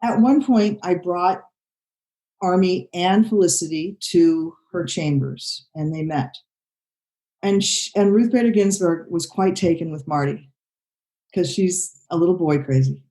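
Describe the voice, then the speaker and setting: A woman's voice: lowish voice, unhurried, warm tone, low-quality recording. An older woman film director in an interview, talking in a rambling way with many "you know" fillers and restarts. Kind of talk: conversational interview.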